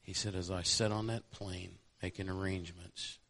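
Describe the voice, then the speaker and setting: A man's voice: sits low, level tone, normal speed, gravelly, a bit bright. A male preacher delivering a sermon, telling a conversion story and building to an impassioned altar call.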